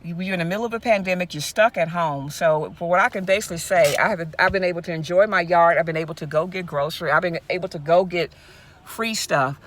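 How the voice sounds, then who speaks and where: A woman's voice: lowish voice, fast, a little hiss or hum. A woman from Mississippi, talking straight to her viewers in a casual vlog, impassioned and repeating herself as she goes, speaking from her car. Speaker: YouTube vlogger.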